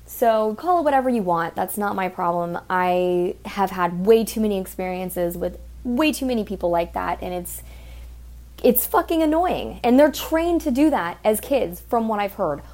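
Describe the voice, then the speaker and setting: A woman's voice: animated, normal speed, darkish tone. A woman telling a story about her work as an exotic dancer in a casual monologue, swearing often and sounding fed up. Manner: profane, exasperated, swearing often; ranting with sudden pitch jumps.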